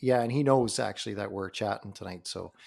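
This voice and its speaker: A man with a gravelly, creaky voice hosts a casual podcast interview. He asks questions in a curious, friendly way. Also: on the low side, a little fast, a little mellow. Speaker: podcast host.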